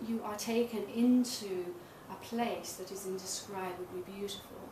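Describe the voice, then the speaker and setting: There's a medium pitch and fairly even intonation to this middle-aged woman's voice as she speaks at a moderate pace. A tantra massage teacher, she gives a candid public talk in a small event space, gently mocking herself. The recording comes through noisy and roomy, from a distant mic.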